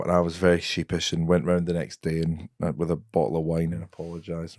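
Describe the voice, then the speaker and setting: A low-voiced man telling rambling, swear-laden stories as a comedian guest on a podcast. His delivery is loose and casual, full of fillers. The sound is dry and close to the mic. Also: level tone, a little fast, a little mellow, no room sound.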